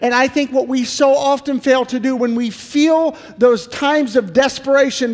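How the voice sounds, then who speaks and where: A man's voice: extremely high pitch, steady tone, normal speed, few pauses, long reverb tail. A middle-aged male pastor giving an earnest sermon, full of repeated pleading questions. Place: church sanctuary.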